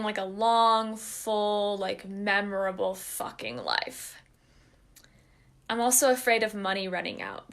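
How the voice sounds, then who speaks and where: A woman with a medium-pitched, slightly bright voice talks casually and earnestly straight to camera for her viewers. An online empath coach and group leader, she's chatty and emphatic, sometimes openly emotional, and laughs as she talks.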